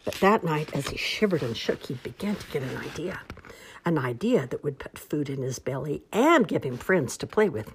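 A woman reading a children's storybook aloud, slow and expressive. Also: low-pitched, noisy background. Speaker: storybook reader.

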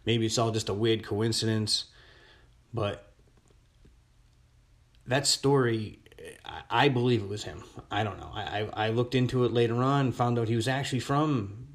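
A man's voice: on the low side, normal speed, long pauses. A man telling a long personal story in a casual voice message, rambling with many restarts.

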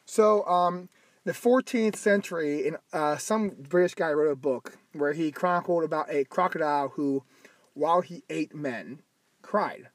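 A man's voice: on the high side, unhurried, dry recording. A man co-hosting a casual podcast from inside a car, rambling and correcting himself as he goes, with a slight stutter now and then. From Midwest US. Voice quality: stutters at times. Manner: rambling, self-correcting, joking. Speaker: podcast co-host. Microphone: phone recording.

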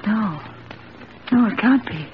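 An actress playing a timid, gentle elderly woman in a 1940s-style radio drama, breathless with fluttering exclamations. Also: mid-range voice, expressive, slow. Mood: dismayed. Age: older. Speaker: elderly spinster sister. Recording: dull old radio broadcast with hiss.

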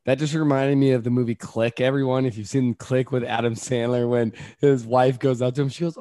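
Animated male podcast host. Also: medium pitch, brisk, hardly any pauses, no room sound, studio quality. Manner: animated, laughs often, acts out movie quotes. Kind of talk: casual podcast chat.

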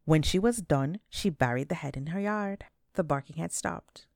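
A woman telling folktales aloud, animated and dramatic, stretching words for effect. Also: sits low, normal speed, creaky, no room sound, studio quality. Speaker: storyteller. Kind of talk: folktale storytelling.

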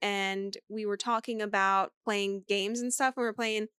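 A woman co-hosting a podcast, chatting casually, loud and swearing freely as she tells stories. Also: mid-range voice, unhurried, smooth, no echo, clean studio sound. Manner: loud, swears a lot, animated storytelling. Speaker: podcast co-host. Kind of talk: casual chat.

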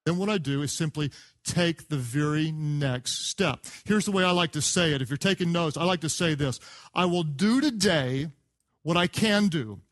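High-voiced animated male preacher. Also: moderate pace. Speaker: pastor. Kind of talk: sermon. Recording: sermon clip played from archive.

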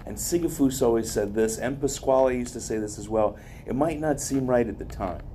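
A man with a mellow, warm voice gives a motivational wellness talk to a group. He speaks loosely and conversationally, wandering into asides and personal stories. There is a faint hum of room ambience behind him. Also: mid-range voice, brisk. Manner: rambling, conversational, with many asides.

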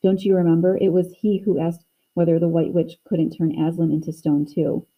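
A woman voicing Lucy, a gentle, anxious young girl who speaks softly and pleadingly. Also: lowish voice, little pitch movement, normal speed, dull audio, natural voice. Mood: distressed. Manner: soft, pleading.

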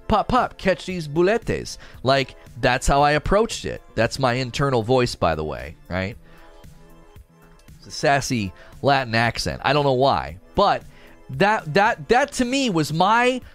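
A man makes his case in casual chat, rambling and defensive. His voice sits a little high and swings widely in pitch, over faint background music. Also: fairly bright tone.

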